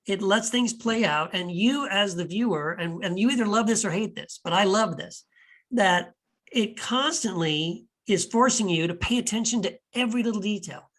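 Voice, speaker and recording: With a high-pitched, somewhat bright voice at normal speed, this podcast host and author talks films casually and eagerly. His speech is unscripted and rambling, full of restarted sentences and animated, bewildered rhetorical questions.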